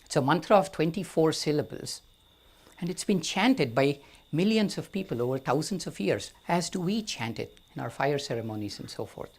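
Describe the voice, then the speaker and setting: Indian-accented male storyteller, slow and wry. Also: on the high side, lively intonation. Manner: slow and deliberate, with wry humor. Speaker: guest storyteller. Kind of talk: live storytelling to an audience. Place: amphitheater.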